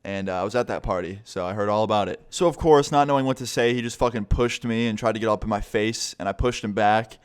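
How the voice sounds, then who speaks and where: Young dude with a lowish voice, rapid-fire story time, swears constantly. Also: male voice, clean tone. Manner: profane, rambling, full of fillers. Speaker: vlogger.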